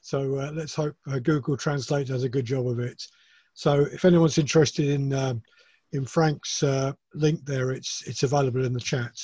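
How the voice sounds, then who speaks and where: A man's voice: mid-range voice, fairly even intonation, normal speed, a little mellow, slightly rough, no echo. A man chairing questions at a club meeting on a video call, friendly and joking with lots of fillers.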